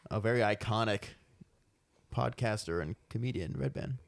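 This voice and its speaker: A man's voice: fairly low pitch, moderate pace, gravelly, dry recording. A man in his thirties hosting a casual podcast, loose and joking and swearing freely as he tells stories. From United States. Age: 30s. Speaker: podcast host.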